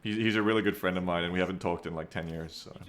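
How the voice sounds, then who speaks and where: A man's voice: deep voice, steady tone, very fast. A man chatting casually on his live stream, rambling, joking at his own expense and reading viewer names aloud. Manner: rambling, self-mocking, reads chat aloud.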